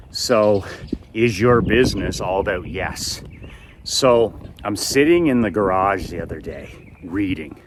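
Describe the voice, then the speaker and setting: Man, middle-aged, from Canada, very low voice, folksy blue-collar storytelling, outdoor noise, passing cars. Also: animated, slow. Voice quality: folksy, blue-collar manner with repetitive emphasis. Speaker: business author and speaker. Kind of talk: casual storytelling monologue. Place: outdoors by a garage in a gated community.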